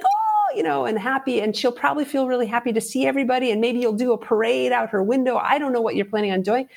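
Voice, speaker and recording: A middle-aged woman, a guest author, telling personal stories in a lively interview chat and acting out the voices she quotes. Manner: animated, acts out quoted voices with big pitch jumps.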